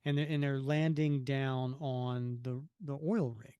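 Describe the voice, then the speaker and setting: A man's voice: medium pitch, fairly even intonation, a little slow, dark tone, clear, resonant tone, no echo, clean studio sound. A man in his fifties co-hosting a podcast, chatting casually and reading comic panels aloud, rambling and correcting himself. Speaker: podcast co-host.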